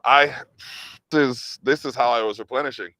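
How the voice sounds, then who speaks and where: A man hosting a laid-back interview, recorded up close with a dry, dead sound. He tells stories in a playful, animated way and laughs often. He sounds a bit worn down from being sick. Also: medium pitch, moderate pace, dry recording, rough recording. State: sick, sore ribs, recovering from illness. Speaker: podcast host. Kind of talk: casual interview chat.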